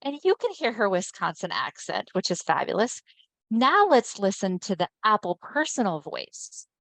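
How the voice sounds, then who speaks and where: A woman's voice: mid-range voice, sing-song, moderate pace, a bit bright, no room sound. Chatty woman presenting a webinar. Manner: conversational, often checks in with listeners. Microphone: video call mic.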